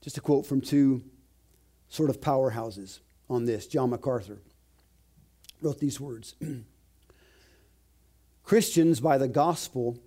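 Pastor guy preaching, mellow voice, punches the big words slow and high. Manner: emphatic, slows and rises to stress key phrases. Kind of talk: sermon.

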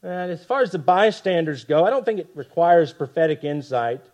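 A man preaching a sermon with passion, dropping to hushed lines for emphasis and tossing rhetorical asides to the congregation. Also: fairly high pitch, expressive, moderate pace. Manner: impassioned, swings from loud emphasis to hushed lines. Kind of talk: expository sermon.

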